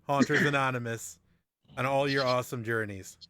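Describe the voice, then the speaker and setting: A man hosting a casual chat, relaxed and laughing often. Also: medium pitch, normal speed, no room sound. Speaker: podcast host.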